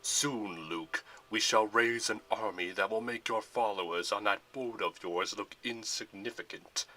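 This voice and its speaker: A commanding villain general with a deep growl and a quick temper, put on by a man narrating a Lego fan film. He barks orders and turns to loud roars when his men fail him. The voice keeps a bright edge under the menace. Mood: cold menace.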